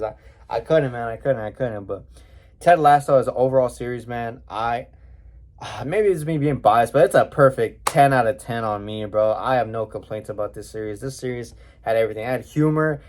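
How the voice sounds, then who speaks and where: A young man giving a casual, emotional review, rambling with fillers and calling his viewers bro and boys. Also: mid-range voice.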